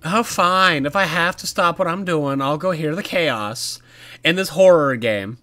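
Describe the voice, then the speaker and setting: A man talks through a horror game as he plays, riffing and joking at what he sees. His voice is bright and lively, jumping up and down in pitch. It has the easy sound of a relaxed gaming video. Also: measured pace. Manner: chatty, jokey, talks to the game. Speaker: gaming YouTuber. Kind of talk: casual let's-play commentary.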